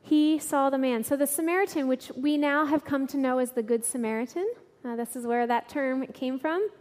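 A woman giving a sermon, telling a lively story and laughing through the funny parts. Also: high-pitched, a little fast. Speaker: church speaker. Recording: long reverb in a large hall.

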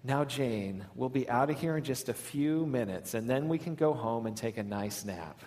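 A man voicing a patient mother who speaks softly and calmly, with a serene, measured manner. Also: mid-range voice, pitched below the performer's own voice, natural voice. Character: calm patient mother soothing herself.

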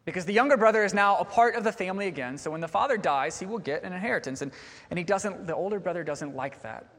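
A man's voice: high-pitched, animated, quick pace, fairly bright tone, in a large hall. A man preaching a sermon in an earnest tone, posing rhetorical questions to the congregation.

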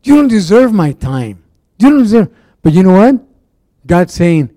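A man with a fairly high, mellow voice preaches in a loose, folksy way. He leans on fillers and restarts as he talks to his congregation. The sound is dry and close. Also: big pitch swings, moderate pace, no echo. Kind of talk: casual conversational sermon.

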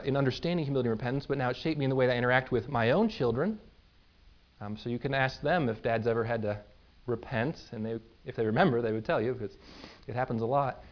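A man's voice: medium pitch, a little fast. A man in his thirties, a pastor giving a sermon in an easy conversational way, often checking in with "right?" and "okay?". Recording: dull lo-fi recording.

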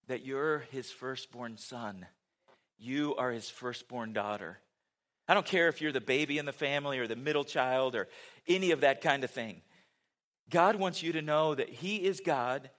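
High-voiced older male preacher. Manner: conversational, earnest, dips soft for emphasis. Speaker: pastor. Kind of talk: sermon.

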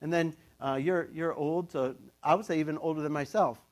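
A middle-aged man giving a casual, conversational sermon, telling the story with lively asides and laughter. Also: fairly high pitch, a little fast. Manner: animated storytelling, acts out quoted voices, laughs often. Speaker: pastor.

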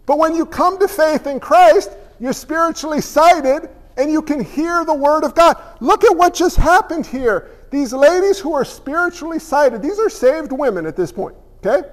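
A man preaching a sermon as pastor, animated and acting out little voices along the way. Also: very high-pitched, normal speed, hardly any pauses, in a large hall.

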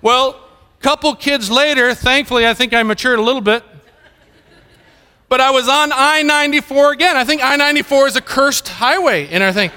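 A man's voice: extremely high pitch, moderate pace, bright, forceful tone, clean tone. A middle-aged man preaching a sermon, telling stories and acting out the dialogue in them. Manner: storytelling, acts out dialogue in anecdotes. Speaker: pastor. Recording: reverberant hall.

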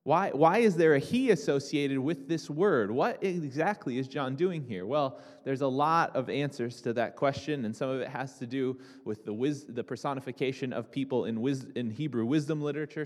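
A man's voice: medium pitch, moderate pace, few pauses. A young man preaching a sermon to a congregation, talking casually with restarts and asides. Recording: reverberant hall.

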